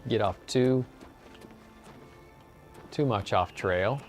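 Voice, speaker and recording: Man, lowish voice, laid-back let's play host, light joking, faint game music behind. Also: extremely slow. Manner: relaxed, joking, with frequent filler "uh". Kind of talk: casual gameplay commentary.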